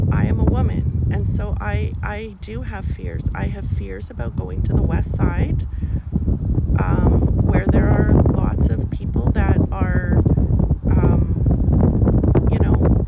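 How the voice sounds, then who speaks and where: A woman's voice: mid-range voice, very noisy. A woman talking in an emotional personal vlog, angry and blunt, swearing often. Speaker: vlogger.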